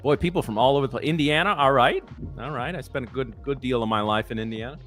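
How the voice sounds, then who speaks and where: A man's voice: mid-range voice, fast talker, a bit bright, soft background music. A man from the American Midwest hosting a casual live trading stream and running a giveaway. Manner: chatty, hosts the giveaway. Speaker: co-host.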